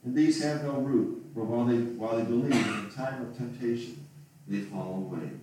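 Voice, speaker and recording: A man's voice: mid-range voice, normal speed, darkish tone, slight background noise. A man preaching a sermon, reading scripture aloud and asking pleading rhetorical questions. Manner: reads King James scripture aloud, then asks pleading rhetorical questions. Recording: roomy echo from a distant mic.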